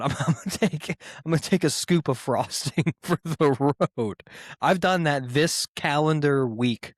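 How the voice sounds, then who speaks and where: A man hosting his own podcast, rambling casually with profanity and self-mocking asides, speaking in quick bursts. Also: a little high, dry recording, clean studio sound. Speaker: podcast host.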